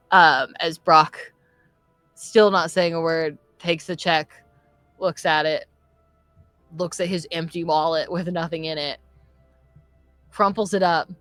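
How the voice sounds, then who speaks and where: A woman narrating a tabletop game as its game master, her voice sitting on the low side. She tells the story with animated bursts and frequent laughs. The sound is dry and close, with faint music underneath. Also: no room sound.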